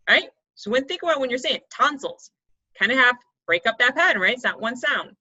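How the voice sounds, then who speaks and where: A woman's voice: fairly high pitch, big pitch swings, fairly quick, sharp tone. A young woman coaching kids through an online poetry lesson, explaining step by step and checking in often. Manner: encouraging, explains step by step, checks in with "right?" and "okay?". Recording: dull lo-fi sound.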